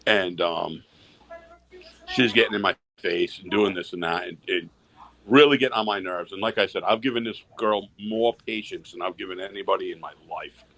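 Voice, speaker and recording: A man's voice: sits low, moderate pace, fairly bright tone. A man telling rambling, profane stories in a casual backstage chat.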